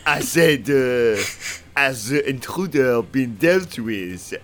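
A man voicing a fake-French male crewman on his first day, with a put-on French accent and halting, formal broken English. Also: mid-range voice, wildly swooping pitch, a bit bright, a little hiss or hum, heavily acted. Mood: earnest.

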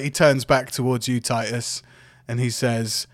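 A man, narrating a tabletop game as game master in a relaxed, laid-back way. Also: mid-range voice, takes it slowly, no room sound.

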